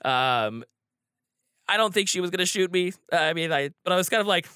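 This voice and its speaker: A man's voice: high-pitched, animated, fairly quick, sharp tone, clear, resonant tone, no room sound, clean studio sound. A man telling a personal story casually, rambling with frequent restarts and fillers. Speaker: storyteller guest.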